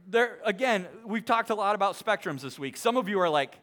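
A young man speaking to a live audience, polling them with quick questions, full of halting restarts, then reading a book passage aloud. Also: sits high, animated, fairly bright tone. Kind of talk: lively talk to a crowd, reading aloud.

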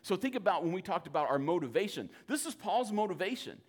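A man with a notably high voice leads an evening Bible teaching in a loose, conversational way. He talks informally and slips into little acted-out quotes as he explains. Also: fast talker. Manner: informal and animated, acts out quoted speech.

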